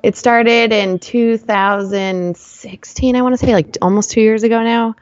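A woman's voice: a little high, steady tone, a little slow, no room sound, dull audio. A woman guest on an interview, telling stories in a chatty way and laughing often. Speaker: guest, running blogger. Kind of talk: casual interview chat.

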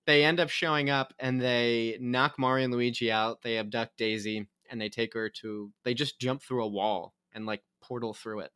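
A man's voice: mid-range voice, steady tone, moderate pace, few pauses, pushed and bright, smooth, dry recording. A man co-hosting a casual movie review chat, rambling and laughing often as he corrects himself. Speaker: podcast co-host.

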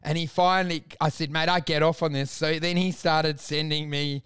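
Comic, high voice, profane, exasperated storyteller on a casual podcast. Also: male voice, level tone, moderate pace, fairly bright tone, clear, resonant tone. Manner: profane, exasperated, acts out quoted people in raised voices. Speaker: stand-up comedian telling stories.

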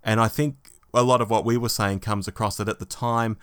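Man, podcast co-host, fairly low voice, animated reading of listener mail. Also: fairly quick, smooth. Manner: lively, animated email reading. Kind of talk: casual podcast chat, reading listener emails.

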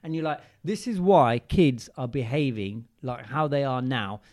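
A man's voice: mid-range voice, expressive, a little slow, darkish tone. A man, co-hosting a podcast in casual, rambling chat with lots of restarts. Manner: rambling, stop-start, many restarts.

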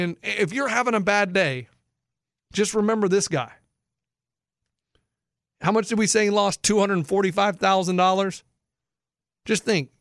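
High-voiced guy doing sports talk, fired up, dry close sound. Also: no echo. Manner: excitable, incredulous, explains for non-bettors. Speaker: sports radio host. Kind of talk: animated sports talk monologue.

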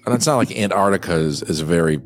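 A man's voice: low voice, expressive, quick pace, soft background music. A man cracking jokes in a casual watchalong chat about a film.

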